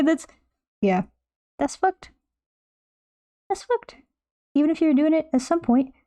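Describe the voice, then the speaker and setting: A young woman in a casual stream, chatting away to her chat while she doodles. Her voice sits fairly high but sounds soft and mellow, and she rambles along playfully, restarting her sentences as she goes.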